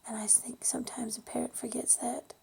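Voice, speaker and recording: A woman telling a personal memory in a soft, often whispery voice, halting with ums and restarts. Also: a little high, flat delivery. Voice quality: breathy, gravelly. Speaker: storyteller sharing a personal memory. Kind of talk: personal storytelling monologue.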